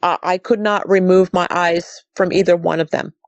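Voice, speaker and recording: A woman's voice: on the low side, moderate pace, no echo, dull audio. A middle-aged woman from Montana, a guest in an interview, telling her story casually and acting out the dialogue with animation. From Montana, USA. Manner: animated, acts out quoted dialogue with repeated "she goes". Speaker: guest recounting a sighting.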